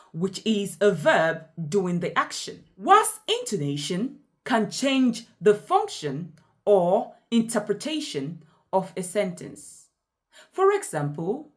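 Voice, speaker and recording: Slow, lively-voiced woman teaching pronunciation. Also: mid-range voice. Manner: deliberate, emphatic example sentences. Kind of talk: slow explanatory lesson.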